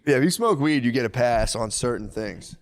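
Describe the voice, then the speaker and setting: A man's voice: mid-range voice, animated, brisk. A man co-hosting a podcast in casual banter, rambling loosely, swearing often and laughing a lot. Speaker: podcast co-host.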